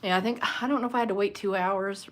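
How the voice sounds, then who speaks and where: A woman's voice: mid-range voice, steady tone, quick pace. A woman chatting casually on a phone livestream at home, rambling and laughing often as she reads viewer comments. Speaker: livestream host. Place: home room lit by a small ring light.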